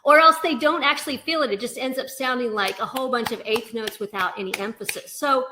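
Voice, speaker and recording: A woman's voice: on the high side, brisk, background noise. A woman music teacher giving a webinar lesson, explaining rhythms and counting beats aloud. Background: backing music.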